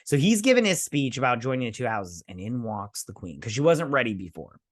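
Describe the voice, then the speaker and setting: A man's voice: medium pitch, sing-song, fairly quick, dry recording, clean studio sound. A man hosting a review show, recapping an episode in a loose, slangy way and voicing the characters' lines in passing. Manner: retells scenes by casually voicing characters' lines; loose and slangy, with many fillers.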